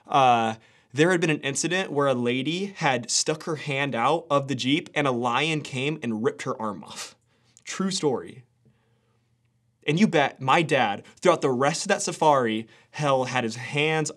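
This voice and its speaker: A young man giving a casual devotional sermon as a pastor, telling stories with quick asides. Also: fairly high pitch, a bit bright.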